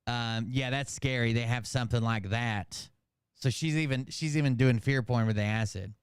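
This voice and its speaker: Man, commentary host, sarcastic, profane, smooth resonant voice, mid pitch. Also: normal speed, dry recording, studio quality. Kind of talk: casual commentary reading comments aloud.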